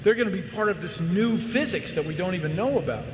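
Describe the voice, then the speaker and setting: A man answers an audience question in a confident, explanatory way. His voice sits high, and it rings with long reverb across a large hall. A faint ambient hum sits under it. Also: lively intonation, quick pace. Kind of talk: public Q&A. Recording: echoey hall.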